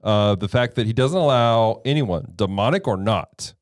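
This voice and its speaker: Man hosting a bible study chat, lively up-and-down voice, dry close mic. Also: lowish voice, normal speed, no echo. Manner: animated, laughs easily, reads scripture aloud. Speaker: podcast host and Bible teacher. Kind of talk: casual Bible study discussion.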